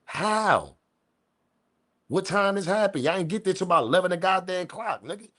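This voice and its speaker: A man's voice: high-pitched, lively intonation, normal speed, a bit bright. A man hosting a live-stream commentary show, talking in incredulous, argumentative street slang. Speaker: commentary channel host.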